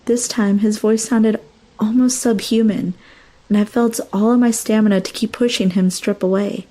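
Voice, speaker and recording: A woman's voice: medium pitch, steady tone, moderate pace, warm tone. A young woman narrating a first-person horror story with dramatic, emotional delivery.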